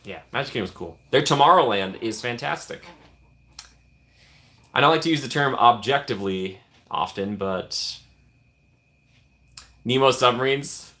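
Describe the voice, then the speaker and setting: A man's voice: medium pitch, expressive, a little slow, pauses often, bright, forceful tone. A man hosting a casual live stream, chatting upbeat and answering viewers by name as he reads the comments. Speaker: streamer host.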